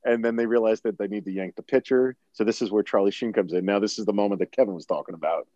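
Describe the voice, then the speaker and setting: A man's voice: fairly low pitch, fast, warm tone, dry recording, lo-fi sound. A man in a casual podcast chat, animatedly retelling a movie, acting out quotes and laughing often.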